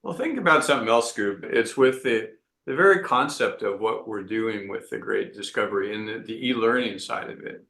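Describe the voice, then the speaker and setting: A man's voice: fairly low pitch, normal speed, vocal fry, hardly any pauses, a bit bright, echoey room. A man speaking earnestly as an entrepreneur guest in an interview, often restarting his sentences. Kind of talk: reflective interview talk.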